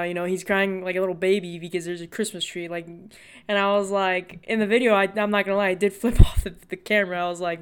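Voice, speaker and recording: Smooth-voiced young man chatting casually. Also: high-pitched, fairly even intonation, a little fast. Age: young adult. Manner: chatty, heavy on "like" and "you know" fillers. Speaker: podcast host. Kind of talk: casual solo podcast monologue.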